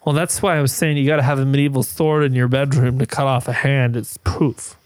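A man's voice: mid-range voice, flat delivery, brisk, darkish tone, no echo, clean studio sound. A man, a podcast guest, talking casually in a rambling, earnest way with lots of fillers. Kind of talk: casual chat.

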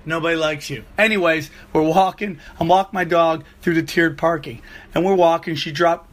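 A man with a fairly high, bright voice rambles through a crude comic story. He swears freely and often jumps pitch for emphasis. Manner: profane, rambling, animated storyteller. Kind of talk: comedic rambling monologue.

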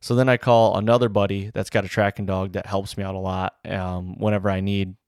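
A man with a somewhat low voice talks through his hunt in a loose, rambling way, packed with "like" and "you know". He sounds eager and caught up in the story. His voice is recorded close and dry, with no room echo. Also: level tone, brisk, darkish tone, clean tone. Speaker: bowhunter. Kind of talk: casual storytelling to camera.

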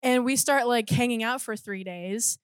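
A chatty woman with a fairly high voice, telling a story and packing it with "like" as she acts out quotes. Her voice sounds close and dry. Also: moderate pace, clean tone, dry recording. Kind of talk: casual storytelling.

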